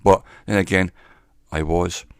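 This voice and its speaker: A man, a former salesman, telling a wry story to camera in a slow, deliberate way on a cheap microphone. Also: sits low, fairly even intonation, smooth, no room sound, studio quality. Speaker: vlogger. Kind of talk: casual monologue to camera.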